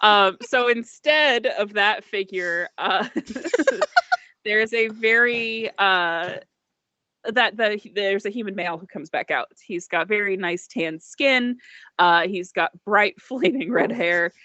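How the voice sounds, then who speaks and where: Lively, bright-voiced woman game master. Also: medium pitch, slow, no room sound, lo-fi sound. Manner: chatty, giggly narration with many fillers. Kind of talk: narrating a tabletop game.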